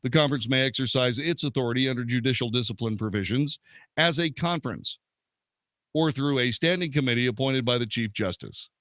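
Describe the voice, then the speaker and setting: A man's voice: mid-range voice, brisk, a bit bright, dry recording. A man hosting a show, reading legal texts aloud and commenting, stumbling and correcting himself now and then. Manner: reads steadily, stumbling and correcting himself at times. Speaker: host.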